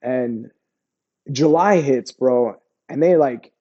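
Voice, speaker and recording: War stories come slowly from this middle-aged American man, an army veteran, in a warm, medium-pitched voice with the highs cut off. The interview is casual, and he's easygoing and slangy, frequently saying "bro" and "you know what I mean."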